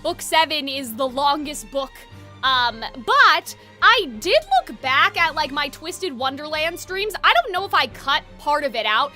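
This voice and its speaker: A woman's voice: high voice, expressive, measured pace, sharp tone, faint music behind. A young woman streaming a game live, chatting casually with her viewers, giggling and using plenty of fillers.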